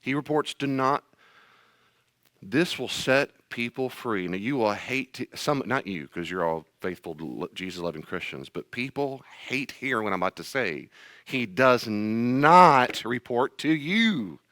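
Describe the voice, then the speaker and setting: Emphatic pastor with a lively voice. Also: male voice, medium pitch, unhurried, dry recording. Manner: emphatic, blunt, acts out scenes. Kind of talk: sermon-style teaching talk.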